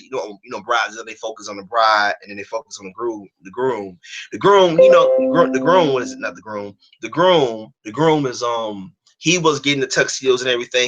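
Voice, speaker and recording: A man chatting casually on a stream, telling an animated story full of profanity and restarts. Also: medium pitch, low-quality recording. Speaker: stream co-host. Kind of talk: casual chat.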